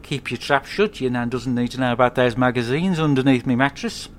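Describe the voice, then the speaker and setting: A man's voice: medium pitch, brisk, a little hiss or hum, natural voice. A man voicing a sly, cheeky old grandfather who talks in a conspiratorial way.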